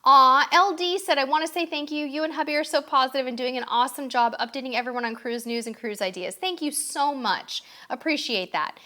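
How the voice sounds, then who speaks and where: A woman's voice: high voice, brisk, few pauses, pushed and bright. A woman hosting a casual live stream, upbeat and chatty, reading out viewers' questions and answering them. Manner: chatty, upbeat, reads comments aloud.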